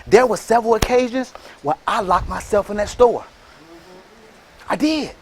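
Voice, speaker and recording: A man giving a motivational talk, rallying the crowd with call-and-response and shouted bursts. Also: high voice, moderate pace, slight background noise. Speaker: motivational speaker and franchise entrepreneur. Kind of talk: motivational speech.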